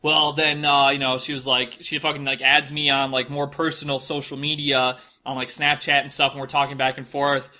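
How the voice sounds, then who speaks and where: A man's voice: medium pitch, level tone, moderate pace, hardly any pauses, sharp tone. A young man telling a personal story in a casual monologue, rambling with lots of fillers and frequent swearing.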